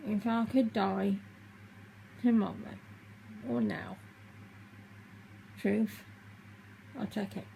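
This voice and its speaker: Tearful woman with a gravelly voice. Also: mid-range voice, fairly even intonation, warm tone, slight background noise, rough recording. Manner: halting, emotional, confessional. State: tearful, crying. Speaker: vlogger. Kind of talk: personal vlog talking to camera.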